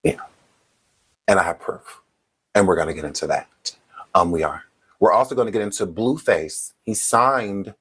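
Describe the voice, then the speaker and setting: A man's voice: low voice, fairly bright tone, husky. A man hosting a casual livestream, speaking straight to his viewers and often checking in with "okay?". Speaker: livestream host.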